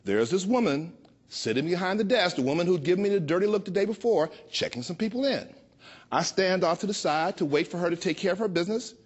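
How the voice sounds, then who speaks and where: A man in his sixties from Chicago, telling a personal story with a playful, expressive delivery that slows down for emphasis. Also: high voice. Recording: dull lo-fi recording.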